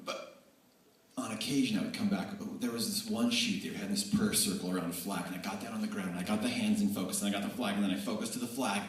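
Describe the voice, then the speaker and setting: A man giving a tribute speech at a banquet, telling energetic, animated stories that swing between excited and earnest. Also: fairly low pitch, fast. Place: large banquet hall. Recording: echoey hall, voice from far off.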